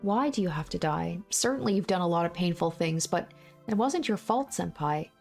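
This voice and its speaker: A woman reading the lines of a gentle, earnest young man in a soft voice from a visual novel. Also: on the low side, expressive, moderate pace, creaky, soft background music. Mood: tender.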